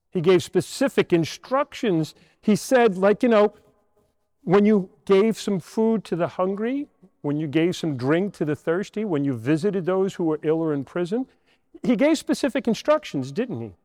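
High, lively older man giving a homily. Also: unhurried, no room sound, in a large hall. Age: 60s. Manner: storytelling, asks rhetorical questions. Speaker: priest. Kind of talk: homily to children. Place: church.

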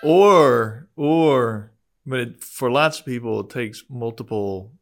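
A man hosting a podcast in casual chat, talking haltingly with many restarts. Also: mid-range voice. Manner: hesitant, restarts a lot. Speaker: podcast host.

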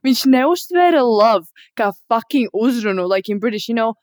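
A woman's voice: a little high, lively intonation, normal speed, few pauses, darkish tone, dry recording, clean studio sound. A young woman chatting casually, switching between Latvian and English, swearing and laughing as she tells a story. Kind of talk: casual chat.

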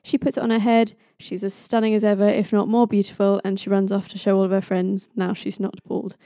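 A woman tells a myth in a chatty, playful manner and jokes about stumbling over hard names. Her voice is warm and mellow. It is recorded dry and close to the mic. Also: mid-range voice, little pitch movement, fairly quick, dry recording. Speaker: storyteller. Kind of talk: casual myth storytelling.

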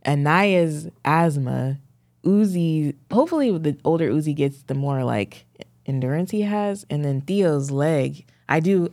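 A woman in her thirties co-hosting a podcast, telling stories with animated laughter in casual chat. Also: sits low, creaky, dry recording. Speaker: podcast co-host.

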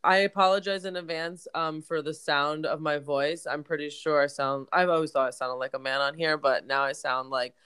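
A woman co-hosting a casual podcast, congested and hoarse-sounding, talking candidly and swearing freely. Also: low-pitched, steady tone, normal speed, few pauses, fairly bright tone. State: congested, voice deepened. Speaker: podcast co-host. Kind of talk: casual chat.

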